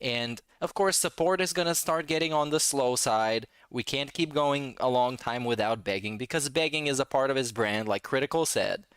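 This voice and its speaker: A man's voice: medium pitch, normal speed, hardly any pauses, a bit bright, clear, resonant tone, no echo. A man hosting a casual reaction commentary, talking in a sarcastic, mocking way. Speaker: commentary channel host.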